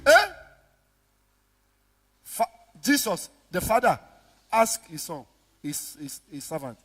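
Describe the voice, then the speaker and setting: A pastor preaching a sermon, acting out dialogue with sudden shouts and low mutters. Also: male voice, normal speed. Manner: animated preaching, acts out dialogue, big swings from shouts to mutters. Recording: reverberant hall with music behind.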